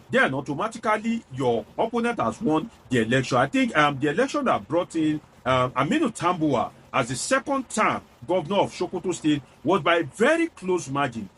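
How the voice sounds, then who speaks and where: A man's voice: on the high side, fairly bright tone, a little hiss or hum. A man with a Nigerian accent delivering political analysis to viewers, explaining point by point and repeating key figures for emphasis. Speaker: political commentator.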